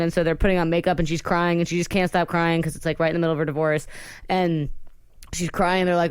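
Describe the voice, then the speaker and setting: A woman co-hosting a podcast, her lowish voice smooth and clear. She rambles through long stories, piling on "like" and side comments. The studio sound is dry and close. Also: flat delivery, no echo. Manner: rambling storyteller, many "like"s, quick asides. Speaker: podcast co-host. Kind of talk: casual chat.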